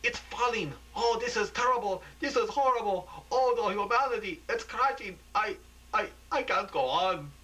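A man's voice: a little high, expressive, moderate pace, distant mic, pitched above the performer's own voice, low-quality recording. A man voicing a panicked TV war reporter. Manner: breathless, panicky shouting. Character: frantic male TV field reporter in a war zone.

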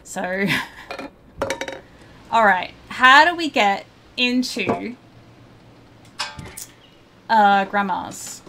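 A woman's voice: medium pitch, expressive, extremely slow, pauses often, bright, forceful tone, slight background noise. A woman giving casual let's play commentary, chatting to viewers and swearing at game characters.

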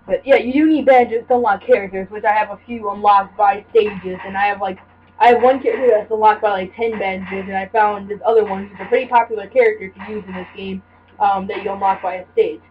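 In a mid-range voice with a steady tone, a young let's-play gamer talks fast as she plays. Her commentary is loose and rambling, heavy on fillers and restarted sentences, captured in dull lo-fi audio with faint hiss.

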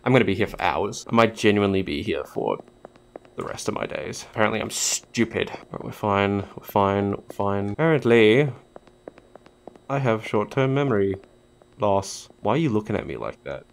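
A man with a fairly low voice narrates his own gameplay in a loose, jokey let's-play style. He swears freely and chats directly to the characters on screen as he plays. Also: lively intonation, moderate pace, gravelly. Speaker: gaming YouTuber.

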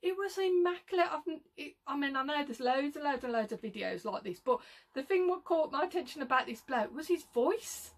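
A woman's voice: high-pitched, expressive, a little fast. A woman with a Birmingham accent talking to camera in a casual, rambling vlog, full of "like, you know" asides and frequent laughter. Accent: Birmingham (Brummie). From Birmingham, England. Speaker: reseller vlogger. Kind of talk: casual chatty monologue.

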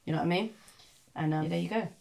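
Lively woman telling stories. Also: lowish voice, fast talker, vocal fry. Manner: animated storytelling, swearing and laughing. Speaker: singer guest. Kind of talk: casual podcast chat.

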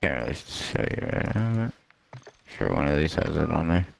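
A sleepy man streaming a game, chatting casually with halting restarts. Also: extremely low pitch, very animated, creaky, no echo, faint music behind. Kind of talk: casual gaming chat.

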